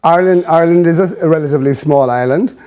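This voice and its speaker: A man as a studio guest, giving measured, thoughtful explanations with many pauses and fillers. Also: a little high, dark tone, clear, resonant tone, highs cut off. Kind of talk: explanatory interview answers.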